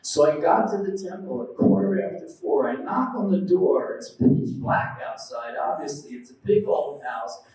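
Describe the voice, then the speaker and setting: High-voiced preacher in an echoey hall. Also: male voice, normal speed. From United States. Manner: lively storytelling, acting out quoted voices; questions the audience. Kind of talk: devotional lecture. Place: temple hall. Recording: very echoey hall, mic at a distance.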